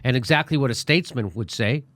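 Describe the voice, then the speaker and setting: A man's voice: mid-range voice, quick pace, fairly bright tone, dry recording. A man hosting a political commentary show, talking in a sarcastic, casual, rambling way. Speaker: comedian host.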